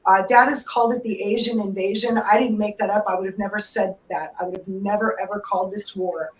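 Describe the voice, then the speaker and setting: A woman's voice: mid-range voice, steady tone, brisk. A woman hosting a live call-in radio show, talking in an emotional, rambling way and swearing freely. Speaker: psychic radio host. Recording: echoey room, distant mic.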